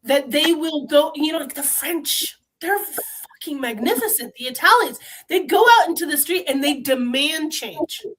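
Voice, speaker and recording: A woman with a bright, high voice, speaking with the full force of a trained singer. She talks fervently and bluntly, swearing freely as she makes her case in casual conversation. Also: lively intonation, normal speed, slight background noise, rough recording. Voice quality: trained, strong voice. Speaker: podcast guest. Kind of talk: impassioned conversational rant.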